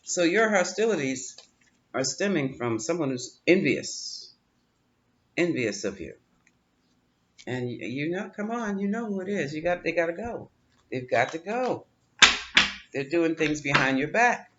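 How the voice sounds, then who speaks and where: A man's voice: fairly high pitch, sing-song, a little slow, long pauses, a bit bright, slight background noise. A man reading tarot cards, talking in a chatty, coaching way, often repeating words and breaking into laughter. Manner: coaching, reassuring tone. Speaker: tarot reader. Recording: dull lo-fi audio with faint room ambience.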